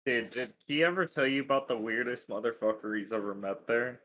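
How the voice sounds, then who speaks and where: Young dude cracking crude jokes on a podcast, average pitch, little bit of hiss. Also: male voice, fairly quick, a bit bright. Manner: joking, crude banter. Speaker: podcast co-host. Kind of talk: casual chat.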